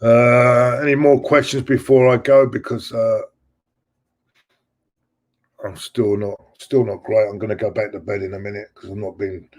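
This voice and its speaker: A man's voice: on the low side, level tone, moderate pace. A middle-aged man hosting a fan live stream, rambling and repeating himself as he chats to viewers. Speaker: fan channel host. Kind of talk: live-stream chat reading viewer messages.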